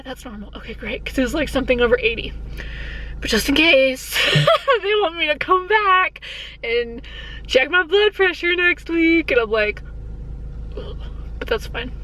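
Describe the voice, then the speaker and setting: A young woman from Colorado talking casually in a vlog. She is chatty, laughs often and drops into hushed asides. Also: fairly high pitch, slight background noise, low-quality recording. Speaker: vlogger. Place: outdoors on a walk, later at a hospital.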